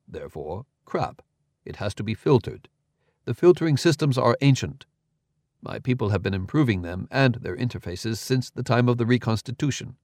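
Casting: narrator doing a cool, matter-of-fact explainer, dry close read, even delivery. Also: male voice, lowish voice, no echo. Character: calm, precise, lecturing man.

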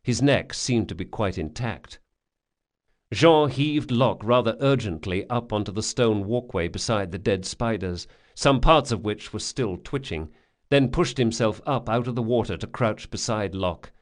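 Man narrating a fantasy audiobook. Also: on the low side. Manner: steady, measured storytelling. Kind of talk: scripted narration.

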